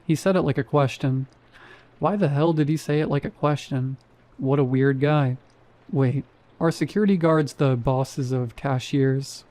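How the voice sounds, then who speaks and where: A man's voice: medium pitch, fairly even intonation, normal speed, warm tone. Man narrating horror with wry asides. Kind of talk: scripted first-person horror narration.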